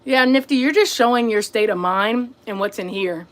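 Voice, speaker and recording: During her relaxed livestream, the host responds to viewers and scolds rude commenters, confronting them with sass and calling people "y'all" and "buddy." She has a fairly high voice and talks at normal speed.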